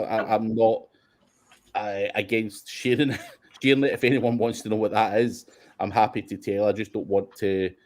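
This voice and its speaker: A Scottish man with a dark, mellow tone answers viewer questions in a relaxed, sweary way. He talks bluntly, laughing now and then between his points. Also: on the low side. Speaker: host of SEO Q&A. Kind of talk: casual livestream Q&A.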